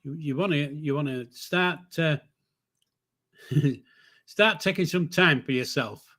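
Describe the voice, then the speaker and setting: A man's voice: fairly high pitch, slow pace, sharp tone. An older man from northern England, hosting a casual livestream, reading out chat and joking in a rambling, easygoing way. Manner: chatty, rambling, jokey, with frequent fillers and self-corrections. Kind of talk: casual live-stream chat.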